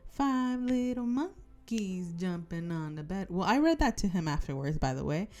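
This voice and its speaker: A woman's voice: medium pitch, a little mellow. Giggly young woman chatting over her crafts. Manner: giggly, rambling storyteller. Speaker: crafting channel host. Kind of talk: casual chat while crafting. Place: home craft table.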